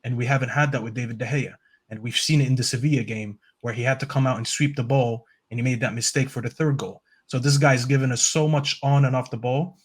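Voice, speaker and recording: A man's voice: medium pitch, fairly even intonation, fast, husky. A man speaking as a fan panelist in a casual football chat, earnest and rambling, with many hesitations. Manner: earnest, rambling, lots of "um" fillers.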